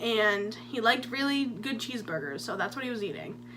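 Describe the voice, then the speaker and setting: A woman's voice: fairly high pitch, lively intonation, moderate pace, fairly bright tone, a little hiss or hum. A young woman telling her own stories in a chatty, jokey story-time vlog. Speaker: vlogger.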